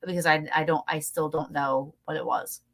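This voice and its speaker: A woman guest telling a story in a casual, animated way, laughing often and swearing freely. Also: deep voice, brisk, creaky.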